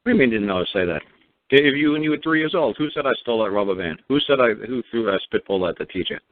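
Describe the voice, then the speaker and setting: A man's voice: medium pitch, lively intonation, fast talker, slight background noise. A man from New hosts a call-in show, blunt and profane, firing off repeated rhetorical questions. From New York. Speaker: radio show host. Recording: dry, tinny phone-line sound.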